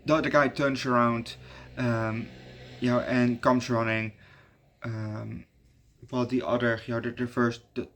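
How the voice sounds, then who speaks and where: A man's voice: medium pitch, flat delivery, a little slow, pauses often, a bit bright. Rambling man reviewing a movie. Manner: rambling, many fillers and restarts.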